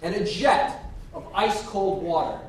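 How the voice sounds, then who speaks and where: A man giving a storytelling speech as a contestant at a public speaking competition, acting out the quoted dialogue. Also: a little slow. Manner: lively, acts out quoted dialogue. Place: hall. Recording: echoey hall from far off with faint rumble.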